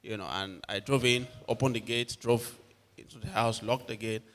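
A man's voice: mid-range voice, moderate pace, slight background noise. A man preaching a sermon, telling personal stories and acting out what people said. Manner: animated storyteller acting out quotes. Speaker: pastor. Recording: long hall reverb.

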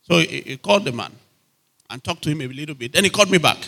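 A man's voice: on the high side, expressive, fast talker, vocal fry, sharp tone. A man preaching a sermon, emphatic and repetitive, often checking whether his listeners are still with him. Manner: emphatic, repeats phrases, asks the audience if they are still there.

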